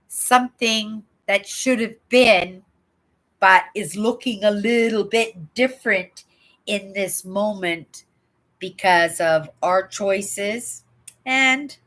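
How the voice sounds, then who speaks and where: A woman's voice: mid-range voice, bright, forceful tone. An older woman from Canada hosting a casual livestream, reading viewer comments aloud and chatting with rambling asides and frequent "right?". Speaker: livestream host.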